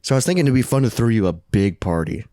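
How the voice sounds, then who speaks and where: A man's voice: lowish voice, animated, quick pace, warm tone, dry recording, clean studio sound. A man in his late twenties, co-hosting a podcast in casual chat, blunt and profane, laughing often. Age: 20s. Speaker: podcast co-host.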